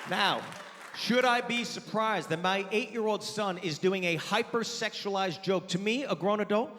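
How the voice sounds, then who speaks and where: A man in his forties performing a stand-up comedy set, telling loud, animated stories and breaking into sudden high yelps. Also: moderate pace, big-room sound, a crowd in the background, background noise. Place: theater stage before a live audience.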